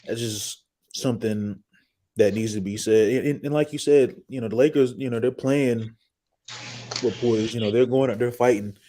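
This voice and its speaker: A man's voice: mid-range voice, moderate pace, dark tone. A man chatting casually about sports as a guest, friendly and conversational. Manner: friendly, conversational, repeats himself.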